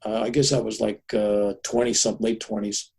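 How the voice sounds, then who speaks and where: A man in his seventies speaks as a podcast guest, telling his story with animated flair. He acts out the other people in it. His voice is dark and a little husky. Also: on the low side, fairly quick. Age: 70s.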